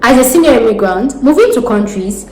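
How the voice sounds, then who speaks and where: Nigerian-accented woman vlogger, lively and gesturing, slightly high voice, echoey room. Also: a little fast. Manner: animated, talks with her hands, laughs often. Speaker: vlogger giving job advice. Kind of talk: casual advice vlog. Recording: roomy echo with faint background noise.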